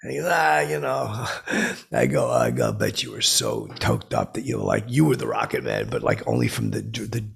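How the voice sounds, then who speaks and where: A clueless, self-important braggart, as a man puts him on for a comedic monologue, his voice gravelly and rough with a husky, raspy edge. He rambles through his boasts, looping back on himself again and again. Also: on the low side, huge pitch swings, moderate pace, exaggerated voice. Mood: rambling boastful. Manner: rambling, self-aggrandizing, repeats "I go". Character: boastful, clueless middle-aged man telling tall tales.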